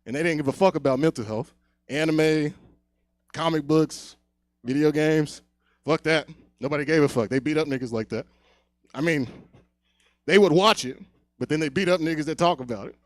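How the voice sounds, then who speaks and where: A young man doing a stand-up set on a comedy club stage, telling a long story, often dropping to a hush, then getting loud again. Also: on the high side, normal speed, pauses often, no echo, studio quality. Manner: loose storytelling, swings loud and quiet.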